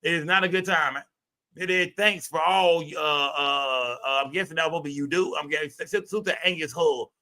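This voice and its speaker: A man's voice: fairly high pitch, a little fast, pushed and bright. A man hosting a live stream, talking in a loose, rambling and profane way, full of filler tags. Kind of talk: casual live stream commentary.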